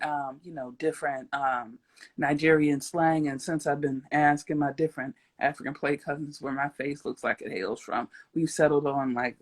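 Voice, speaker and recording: A young adult woman hosting a casual livestream interview, playful and rambling, breaking into giggles and silly sound effects. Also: deep voice. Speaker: host.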